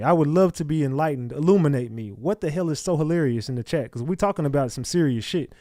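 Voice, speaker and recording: Blunt, profane livestream host, dry sound. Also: male voice, a little high, expressive, fast, few pauses, warm tone, dry recording. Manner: blunt, profane, confrontational with chat. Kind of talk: casual livestream chat reading comments.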